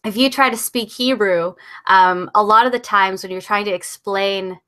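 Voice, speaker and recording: A woman's voice: mid-range voice, normal speed, pushed and bright, smooth. A woman guest in a casual conversation, explaining things at length with enthusiasm.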